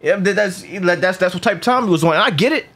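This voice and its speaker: Animated, husky-voiced man reviewing a movie. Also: high voice, fast. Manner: animated, profane, repeats words, acts out quotes. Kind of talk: casual movie review chat.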